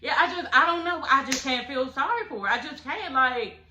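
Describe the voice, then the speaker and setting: A woman's voice: high voice, animated, fairly quick, sharp tone, roomy sound, muffled recording, a little hiss or hum. A woman recapping a reality show in casual, blunt, profane chat, laughing as she talks.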